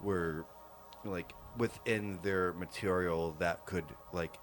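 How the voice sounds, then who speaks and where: A man's voice: low-pitched, steady tone, takes it slowly, soft background music. Rambling man game master. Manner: rambling, full of "like" fillers. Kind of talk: casual podcast chat.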